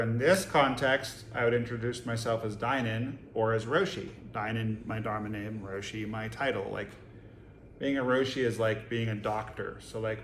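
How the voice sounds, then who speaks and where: Male Zen teacher from Boston, mid-pitched voice, a casual, joking dharma talk full of rhetorical questions, roomy hall with faint background hum. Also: a bit bright. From Boston, USA. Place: meditation hall with a live audience. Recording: echoey room, faint ambience.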